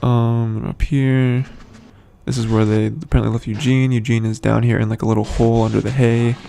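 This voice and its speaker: A man's voice: medium pitch, level tone, a little fast, gravelly, mellow, slight background noise. A man giving a casual, rambling recap of a TV episode, full of fillers and restarts, with the odd chuckle. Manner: chuckles between points. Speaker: show commentator.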